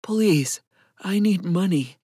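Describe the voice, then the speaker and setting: A woman's voice: medium pitch, expressive, slow pace, warm tone, no echo, studio quality. Woman voicing a ragged desperate homeless man. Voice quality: ragged, croaking. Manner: pleading, desperate.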